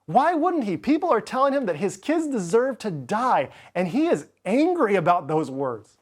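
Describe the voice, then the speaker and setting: Expressive male pastor preaching. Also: sits high, normal speed. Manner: expressive, reads scripture dramatically. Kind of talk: sermon.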